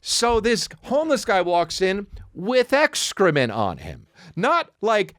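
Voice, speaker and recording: Animated, profane man ranting a comic story. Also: sits high, measured pace, no room sound, clean studio sound. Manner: profane, animated, self-interrupting rant. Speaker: podcast host. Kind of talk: comedic storytelling monologue.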